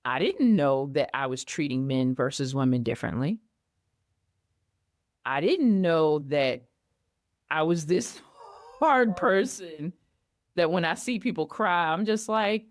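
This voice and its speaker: Middle-aged woman guest, candid storyteller, acts out her reactions, slightly low voice, dry close sound. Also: takes it slowly, long pauses, dry recording. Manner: animated, acts out her own past reactions.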